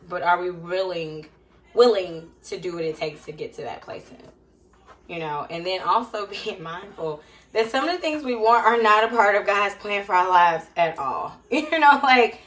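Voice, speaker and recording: Cooking in her home kitchen for a casual stream, a woman talks in a fairly low, slightly bright voice. Her chatter is loose and conversational, and she turns preachy at times, offering faith-based encouragement.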